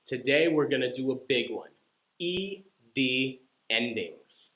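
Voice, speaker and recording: A man teaching English pronunciation, taking his time and spelling out each sound with deliberate care. His voice sits in a middle register and carries a roomy echo from the space around him. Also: mid-range voice, lively intonation, loud music behind the voice. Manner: slow, deliberate, over-articulated demonstrations. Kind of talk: scripted lesson to camera.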